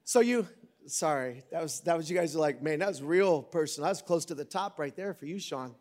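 A middle-aged preacher with a drawl and a notably high-pitched voice. He keeps his sermon casual and jokey, then suddenly swings into loud bursts before dropping back down. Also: a little fast. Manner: conversational and joking, with big dynamic swings. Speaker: pastor.

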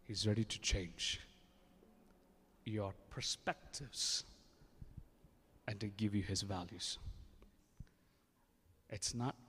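A man's voice: fairly low pitch, fairly even intonation, slow, pauses often, a bit bright, slight background noise. A man preaching a sermon with testimony, emphatic and acting out quoted dialogue. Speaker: pastor. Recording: echoey hall with long reverb.

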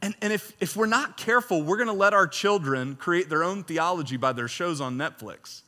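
Guy preaching a sermon, bright voice, pitch jumps all over, chuckles a lot. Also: moderate pace, long reverb tail. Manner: animated preaching, reads scripture loudly, jokes and chuckles. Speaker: pastor.

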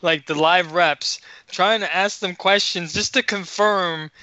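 Animated man telling a story, bright voice. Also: sits high, a little slow, no room sound, dull audio. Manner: animated, profane, acts out dialogue. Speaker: podcast co-host. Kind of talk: casual storytelling.

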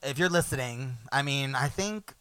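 A man hosting a music podcast, chatting casually in a playful, animated way that often trails off quietly. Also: medium pitch, normal speed, clean tone, no room sound. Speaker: podcast host.

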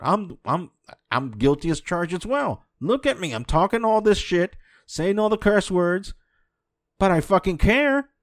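Guy ranting off the cuff on a podcast, swears a lot, fairly high voice, dry close sound. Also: no room sound. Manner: impassioned, heavy swearing; swings between quiet musing and raised voice. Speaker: podcast host.

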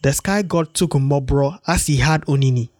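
Slightly high-voiced male storyteller. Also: moderate pace, a little mellow, no echo. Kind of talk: storybook read-aloud.

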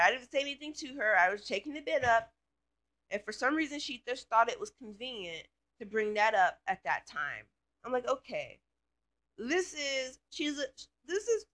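Bright-voiced woman ranting casually. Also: mid-range voice. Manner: rambling, filler-heavy, swears freely. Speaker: vlogger. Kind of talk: casual storytime rant.

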